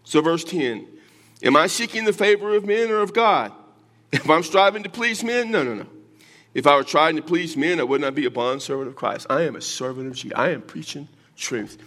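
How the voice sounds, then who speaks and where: A man's voice: a little high, lively intonation, fairly quick, fairly bright tone. An older man preaching a sermon, teaching verse by verse with joking asides to his congregation. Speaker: pastor.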